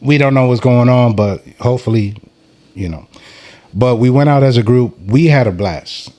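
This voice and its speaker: A man's voice: medium pitch, moderate pace, warm tone. A man hosting a casual podcast, joking and hyping up his co-host with playful banter.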